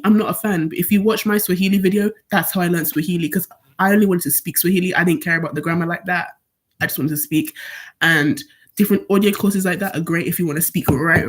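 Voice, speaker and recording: A seventeen-year-old woman from Nigeria chatting casually on a study live stream, rambling as she answers questions from her viewers. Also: fairly low pitch. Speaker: student streamer.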